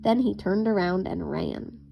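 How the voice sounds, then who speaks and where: A woman reading a children's bedtime story aloud in a gentle, expressive storytelling manner. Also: medium pitch, measured pace, vocal fry, lo-fi sound, slight background noise.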